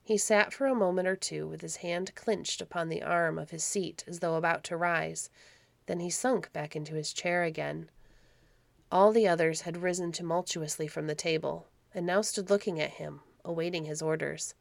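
A woman reading a classic story aloud in a calm, measured storybook narration. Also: low-pitched, gravelly, dry recording. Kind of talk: scripted narration.

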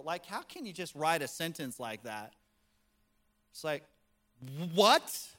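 A male pastor preaching a sermon to a congregation in an animated, conversational way. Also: sits high. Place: room with a congregation.

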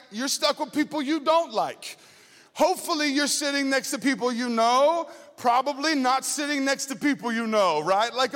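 High-voiced pastor in a reverberant hall. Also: male voice. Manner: animated, shifts between slow prayer and lively anecdotes. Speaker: student ministry pastor. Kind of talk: sermon with personal storytelling.

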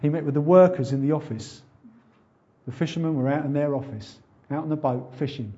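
A man delivers a sermon with conviction, leaning on rhetorical questions and swelling into loud, urgent exhortations. His voice sits a little high. The recording is somewhat dull and muffled. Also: fairly quick. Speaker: preacher.

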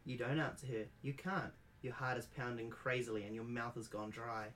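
A man hosting a podcast, reading a spooky gamebook aloud in a playful, animated storytelling manner. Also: medium pitch, moderate pace, slight background noise. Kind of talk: casual reading and chat.

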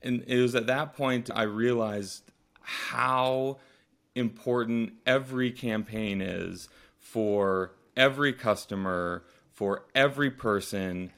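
A man hosting a casual podcast, telling a personal story in a lively way. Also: mid-range voice, takes it slowly. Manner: lively storyteller who acts out past dialogue. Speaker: podcast host.

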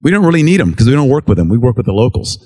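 An earnest American relief worker gives a mission report to a church, sharing stories in a plain, conversational testimony style. His middle-pitched male voice is sing-song, racing, and dark in tone. He slips into the voices of the people in his stories, acting out what they said.

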